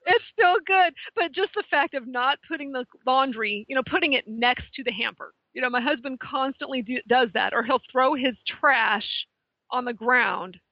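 A woman's voice: high-pitched, normal speed, no echo. Chatty woman, slightly dull dry sound. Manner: chatty, laughs often, retells scenes with quoted voices. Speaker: podcast co-host. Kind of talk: casual movie discussion.

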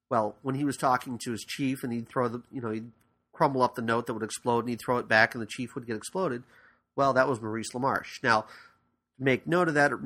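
A man's voice: medium pitch, fairly bright tone. A man hosting a podcast in casual talk, rambling with frequent fillers and restarts. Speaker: podcast host. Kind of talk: casual podcast commentary on cartoons.

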